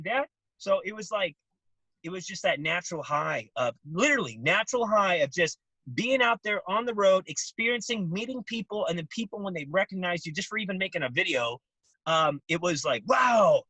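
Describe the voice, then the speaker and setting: A man's voice: high voice, brisk, breathy edge, no echo, rough recording. A man being interviewed, telling stories animatedly with many restarts and acted-out quotes. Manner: animated storytelling, acts out voices, many restarts. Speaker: interview guest. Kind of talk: casual interview.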